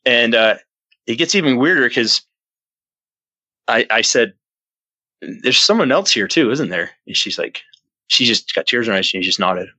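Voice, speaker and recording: A man telling a personal story as a podcast guest, earnest and rambling, with many restarts, jumping up in pitch when he acts out his own past lines. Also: expressive, normal speed, long pauses, sharp tone, no echo, low-quality recording. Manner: earnest, rambling retelling with frequent restarts and fillers. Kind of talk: casual storytelling in an interview.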